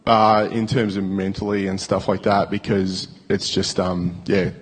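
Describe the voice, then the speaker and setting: A man's voice: sits low, little pitch movement, a little slow, a little hiss or hum. A young man with an Australian accent asks a question from the audience in a hesitant way, with many fillers and restarts. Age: young adult. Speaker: audience member asking a question. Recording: long hall reverb.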